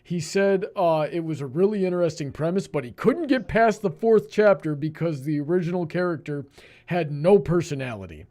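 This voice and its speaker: A man's voice: on the high side, expressive, normal speed, dark tone. A man hosting a casual panel discussion, talking hesitantly with many restarts. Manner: hesitant, lots of restarts and fillers.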